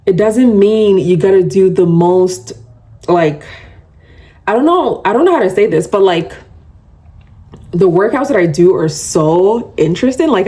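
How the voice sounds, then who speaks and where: With a darkish, mid-range voice, a woman talks casually on her own podcast. She's chatty and quick to laugh, and calls herself a lover of yapping as she addresses listeners solo.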